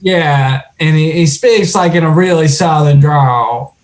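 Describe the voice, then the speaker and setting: A young man co-hosts a podcast, speaking in a fairly high voice at a slightly slow pace. He tells rambling stories in casual chat, full of fillers and restarts.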